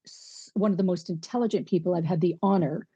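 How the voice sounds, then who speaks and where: Woman, mid-pitched, husky, dry close sound, affirming interviewer, casual podcast chat. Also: fast, dry recording, muffled recording. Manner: warmly affirming, asks questions, frequent agreeing interjections. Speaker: podcast co-host.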